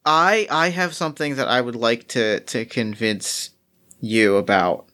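A man's voice: mid-range voice, unhurried, bright, forceful tone. A man playing in a tabletop game, eager and restarting his sentences often. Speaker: player.

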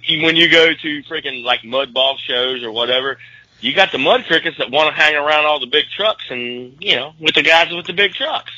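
A man's voice: fairly high pitch, fairly quick, pushed and bright, no room sound, highs cut off. A man with a Southern US accent, co-hosting a podcast in laid-back, casual banter. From American South. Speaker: podcast co-host.

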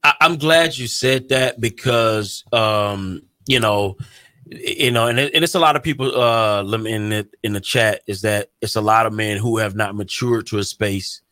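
A man's voice: on the low side, normal speed, bright, forceful tone, no room sound. A man hosting a casual podcast chat, speaking emphatically and repeating his points.

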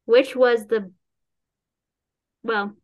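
A woman's voice: fairly high pitch, steady tone, drawn-out words. Chatty woman rambling about her novel. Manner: chatty, rambling with restarts and acted-out quotes; laughs often while talking. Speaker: author discussing her novel. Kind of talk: casual chat.

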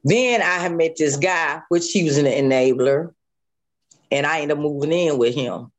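A woman guest telling her own survival story in an interview, animated, acting out what people said and repeating phrases. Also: deep voice, moderate pace. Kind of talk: emotional personal testimony.

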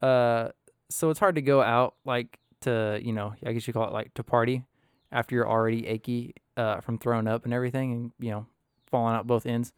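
A man's voice: medium pitch, fairly even intonation, brisk, clean tone, dry recording, clean studio sound. A man hosting a casual podcast chat, telling stories with lots of laughter and loose, rambling asides. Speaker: podcast host.

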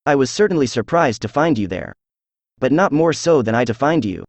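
A synthesized male voice narrating a classic story as an audiobook, reading in an even way with little change between characters. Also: medium pitch, a little fast, dry recording.

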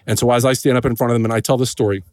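A man's voice: mid-range voice, steady tone, darkish tone, dry recording, clean studio sound. Earnest man telling a painful story. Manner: earnest, emotional, pauses and restarts often. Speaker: podcast guest. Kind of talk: personal storytelling in a podcast interview.

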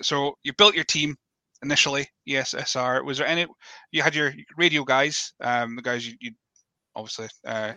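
A man's voice: medium pitch, pushed and bright, no room sound. A Scottish man hosting a casual podcast interview, chatty, often stammering as he starts a thought. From Elgin, Scotland. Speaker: podcast host.

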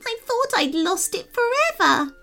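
A frantic little tooth fairy speaks in a very high, trembling whimper that floats a little away from the mic. A woman puts her on while reading a children's story aloud. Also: very animated, measured pace, bright, forceful tone, exaggerated voice. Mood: relieved.

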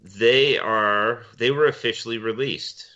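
A man's voice: medium pitch, fairly even intonation, a little slow, pushed and bright, highs cut off. A man co-hosting a podcast in casual chat, rambling with fillers and laughing often. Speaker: podcast co-host.

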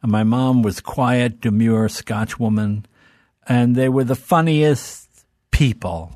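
A man as an interview guest, telling childhood stories in an animated way and acting out the people in them. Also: medium pitch, slow, no room sound, clean studio sound. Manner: animated storyteller who acts out voices. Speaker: guest comedian. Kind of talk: storytelling interview.

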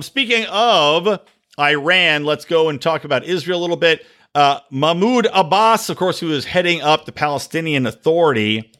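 A man with a slightly high, bright and forceful voice rants through a solo podcast. He is blunt and sarcastic and swears freely as he argues his opinions. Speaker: podcast host. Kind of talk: solo political commentary podcast.

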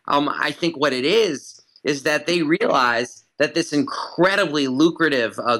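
A man's voice: mid-range voice, a bit bright, rough recording. A man speaking as a guest commentator in an interview, making his case emphatically and repeating phrases for stress. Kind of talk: analytical interview talk.

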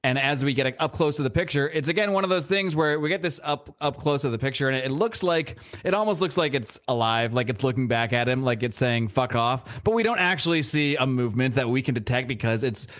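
A man's voice: medium pitch, quick pace, hardly any pauses, fairly bright tone. A man co-hosting a live podcast, casually recapping a comic book scene by scene with many restarts and lines of dialogue read aloud. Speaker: podcast co-host. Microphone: podcast mic, live show.

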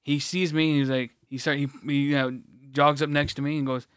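A man's voice: fairly high pitch, flat delivery, a little fast, clean tone, no echo, studio quality. A man co-hosting a podcast, telling a rambling, blunt story in casual chat, swearing freely and restarting his sentences. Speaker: podcast co-host.

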